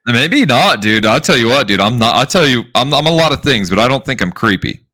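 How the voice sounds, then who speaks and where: A man co-hosting a casual podcast, telling stories in an animated way and saying "dude" and "bro" all the time. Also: mid-range voice, fairly quick, no room sound, clean studio sound. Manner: animated storyteller, says "dude" and "bro" constantly. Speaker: podcast co-host. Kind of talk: casual chat.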